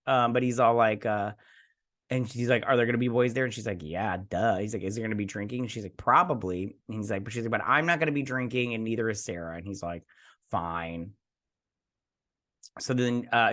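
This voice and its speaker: A man hosting a casual episode recap, chatty and animated, slipping into playful voices as he retells scenes. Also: mid-range voice, fairly quick. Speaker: host.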